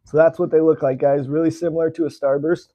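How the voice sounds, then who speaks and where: This American slingshot-channel host talks quickly in a slightly high, dark voice that barely moves in pitch. He's tasting candy during a casual live stream, responding to viewer comments as he goes.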